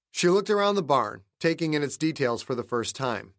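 A man narrating a thriller audiobook he wrote, in a steady, measured storytelling manner. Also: on the high side, no echo, studio quality. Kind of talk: scripted narration.

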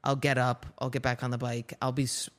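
A guest comedian chats on a loose comedy podcast. Their delivery is dry and matter-of-fact, in a middling pitch. Their thoughts often trail off halfway through. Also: little pitch movement, a little fast, a bit bright. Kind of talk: casual comedy podcast chat.

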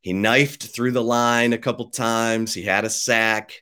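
A man hosting a podcast interview. He talks in a conversational way, with quick asides and folksy turns of phrase. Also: medium pitch, fairly even intonation, bright, forceful tone, clean tone. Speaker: podcast host. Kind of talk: casual interview talk.

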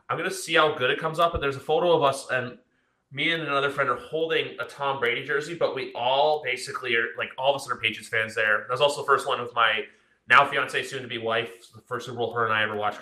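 Young guy hosting a sports podcast, quick and bright, rambly, echoey room. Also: mid-range voice. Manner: excited rambling storytelling. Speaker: podcast host. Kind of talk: casual sports podcast chat.

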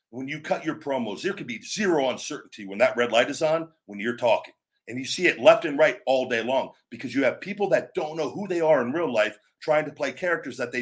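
Blunt, emphatic man talking wrestling. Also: medium pitch. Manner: emphatic, blunt, acts out catchphrases with shouts and drawn-out words. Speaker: podcast host and former pro wrestler. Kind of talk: opinionated casual talk.

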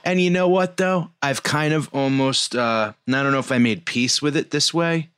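A man's voice: mid-range voice, moderate pace, a bit bright, clean tone, dry recording, clean studio sound. A man in his forties co-hosting a podcast, telling rambling stories in casual chat with lots of fillers. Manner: rambling storyteller, frequent fillers. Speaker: podcast co-host.

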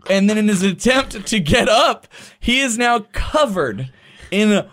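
A man in his thirties with a fairly high-pitched voice, chatting on a podcast. He tells his story casually and with lots of animation. He acts out the voices he quotes and swears without a second thought. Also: very animated, measured pace, a bit bright. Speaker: podcast co-host. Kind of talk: casual storytelling among friends.

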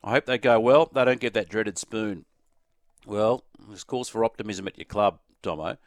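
An Australian man hosting sports talk radio, chatting quickly and inviting listeners to send in texts. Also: medium pitch, dry recording, studio quality. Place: radio studio. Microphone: studio microphone.

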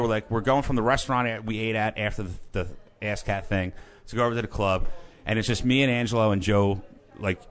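A man on a podcast telling a rowdy, profane story in a casual chat, acting out what people said. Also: mid-range voice. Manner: animated, profane anecdotes with quoted voices. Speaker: podcast guest, band member.

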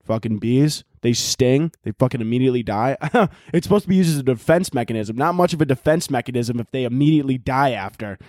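A man's voice: medium pitch, lively intonation, quick pace, few pauses, a little mellow, no room sound. A young man riffing alone on his podcast, swearing freely and mocking himself. His voice sits mid-range and the sound is dry and close, with no room around it. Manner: profane, rambling, self-mocking. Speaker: podcast host. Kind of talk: solo comedic podcast rant.

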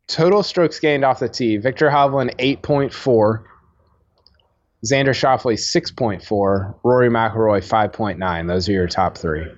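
Guy cohosting a sports podcast, rambly with lots of uhs, kinda muffled lo-fi sound. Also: fairly low pitch. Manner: chatty, full of uh fillers and quick restarts. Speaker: podcast co-host. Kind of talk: casual sports podcast chat.

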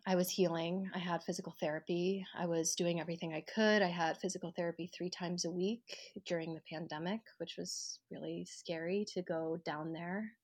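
A lowish-voiced woman speaks from her living room, recounting a hard stretch of her life. She is reflective and open, and brightens when she acts out the voices of the people she quotes. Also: steady tone, brisk, few pauses. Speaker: podcast guest, actor and writer. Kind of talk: personal storytelling in an interview.

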